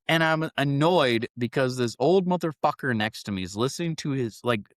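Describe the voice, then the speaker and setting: A man's voice: on the high side, no echo, clean studio sound. A young man from the Chicago area of Northwest Indiana, telling a rambling, profane story on a casual podcast and acting out the people in it. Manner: profane, rambling, animated when acting out quotes. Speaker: podcast co-host.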